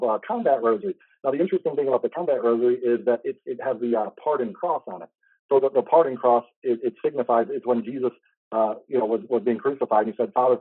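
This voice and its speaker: A man's voice: medium pitch, no echo. A man hosting an interview, telling a personal faith story in an earnest, rambling way. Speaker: host. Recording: tinny phone-like line, dry.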